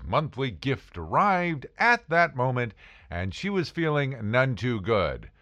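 A man's voice: medium pitch, very animated, slow, bright, forceful tone, no echo, highs cut off. A man telling a self-mocking comic story about his past, with punchy asides. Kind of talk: comedic storytelling monologue.

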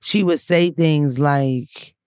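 A woman's voice: low voice, slow pace, darkish tone, clean tone, no echo, studio quality. A woman comedian guest in casual chat, blunt and profane, telling stories.

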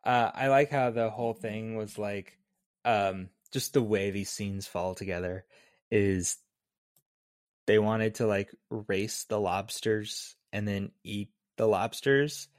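A man co-hosting a podcast, talking about a film in a relaxed, hesitant way. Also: lowish voice, takes it slowly, no room sound, studio quality. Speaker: podcast co-host. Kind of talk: casual movie discussion.

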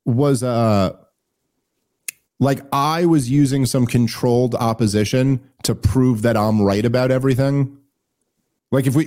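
A man's voice: medium pitch, darkish tone. A man hosting a podcast, chatting about politics in a rambling, joking and profane way. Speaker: podcast host. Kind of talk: casual comedic political chat.

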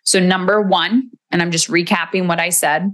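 Candid, emotional woman podcaster, lowish voice. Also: fairly even intonation, moderate pace, fairly bright tone. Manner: candid, emotional, swears casually. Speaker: podcast host. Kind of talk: solo podcast reflection.

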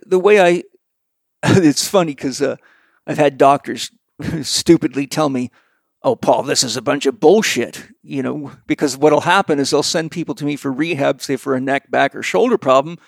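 Brief: a gravelly, slightly higher-voiced man, a blunt health practitioner talking casually. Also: dry recording, clean studio sound. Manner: blunt, profane, animated storyteller. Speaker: guest practitioner. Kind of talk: casual conversational explanation.

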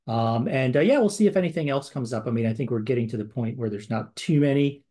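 A man's voice: medium pitch, quick pace, mellow. Rambling, filler-heavy male podcast host. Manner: conversational, rambling with many fillers and restarts. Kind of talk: casual chat.

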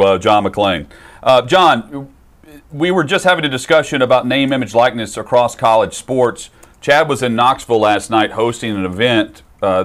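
A man's voice: lowish voice, a bit bright. A man hosting a casual radio talk show, joking around and asking long rambling questions. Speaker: radio host.

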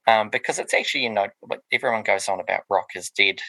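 A man's voice: lowish voice, fast talker, sharp tone, rough recording. A man, co-hosting a casual podcast and reviewing music, rambling with lots of ums and restarts. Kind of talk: casual chat.

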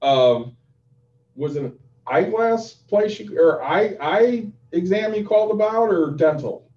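A man's voice: sits high, expressive, measured pace, darkish tone. A man co-hosting a casual chat, prompting stories and teasing his co-host. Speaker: podcast co-host. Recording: roomy, distant, dull sound.

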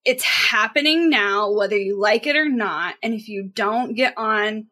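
A woman's voice: mid-range voice, unhurried, bright, forceful tone. A woman co-hosting a podcast, talking earnestly and emphatically in casual chat, with frequent filler words. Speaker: podcast co-host.

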